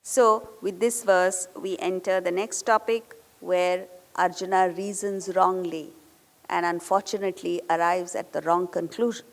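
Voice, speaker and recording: A woman's voice: lowish voice, fairly even intonation, a little slow, vocal fry, in a large hall. A woman giving a spiritual discourse, telling stories and putting questions to her audience. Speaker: spiritual teacher.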